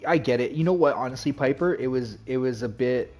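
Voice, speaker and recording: A man's voice: mid-range voice, brisk, a little mellow, faint music behind. Rambling man chatting on stream. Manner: rambling, filler-heavy, self-interrupting. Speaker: game streamer. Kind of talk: casual stream chat.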